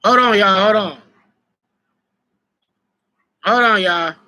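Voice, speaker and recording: A young adult man talks loosely on a live stream, swinging between loud bursts and low mutters as he tells his story. His voice has a bright, forward edge. He swears freely and stays animated. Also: takes it slowly. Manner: animated, profane, laughing storytelling. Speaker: battle rapper and host. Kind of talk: live stream casual talk.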